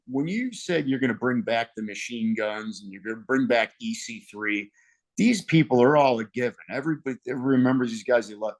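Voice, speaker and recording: A man with an ordinary mid-range voice chats animatedly as a podcast guest. He tells his story with self-deprecating laughs and a quick, casual rhythm. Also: mid-range voice. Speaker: guest wrestler. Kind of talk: casual interview chat.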